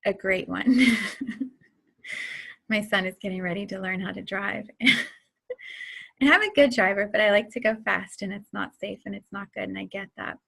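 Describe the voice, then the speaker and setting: A woman's voice: mid-range voice, normal speed, vocal fry, pauses often, a bit bright, slightly rough. A woman in her forties hosting a casual spiritual talk, chatty and laughing often as she tells stories. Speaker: host.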